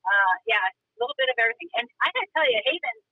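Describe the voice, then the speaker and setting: A woman guest from Montana telling stories in a chatty, animated way, calling in while she drives. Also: on the high side, very fast, husky, dry recording. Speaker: rodeo guest. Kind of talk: casual interview chat. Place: car. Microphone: phone call while driving. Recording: dull, dry phone-call audio.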